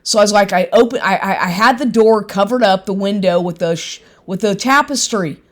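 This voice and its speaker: An indignant woman pours out a profane, angry monologue at a middle pitch. She swears constantly and keeps breaking off and restarting her sentences. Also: a little fast.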